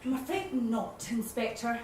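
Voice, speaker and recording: A genteel elderly lady sleuth, played by a woman on an amateur stage, speaks softly and primly in a high, lilting voice. She sounds distant in a very echoey hall. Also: expressive, measured pace, slight background noise. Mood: demure. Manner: prim, soft-spoken, understated. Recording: roomy hall from far off.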